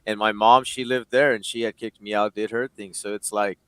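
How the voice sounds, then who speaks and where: A man's voice: lowish voice, steady tone, brisk, a bit bright, smooth, dry recording. A man in his late twenties, a guest in an interview, telling a painful personal story in a candid, emotional way, swearing freely and acting out the quoted dialogue. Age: late 20s.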